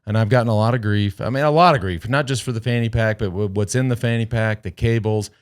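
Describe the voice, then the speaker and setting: Rambling, foul-mouthed podcast host. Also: male voice, fairly low pitch, fast, clean tone. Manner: rambling, profane, joking. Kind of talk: casual podcast chat. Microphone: headset.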